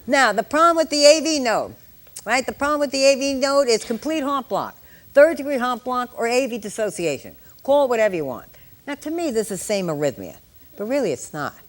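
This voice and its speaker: An older woman in her sixties leads a live exam-prep lecture for nurses. She teaches with a steady stream of jokes and chatty asides to the class. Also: on the high side, fairly quick. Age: 60s. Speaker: nurse educator.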